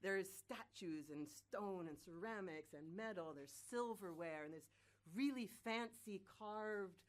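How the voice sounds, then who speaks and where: A young woman telling a personal story in a lively, self-mocking way, with casual swearing. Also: mid-range voice, measured pace.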